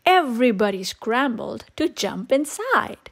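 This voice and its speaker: A woman reads a children's picture book aloud in a sing-song storytime manner. Her voice is high and very lively, rising and falling with each line. She takes her time and keeps it very slow. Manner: sing-song, expressive, unhurried.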